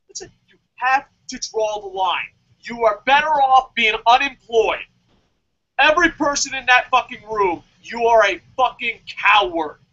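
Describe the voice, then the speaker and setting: A man co-hosting a podcast, ranting about wrestling with heated, repetitive swearing and sudden shouted bursts. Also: very high-pitched, expressive, normal speed, muffled recording. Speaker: podcast co-host. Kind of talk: profane wrestling review rant.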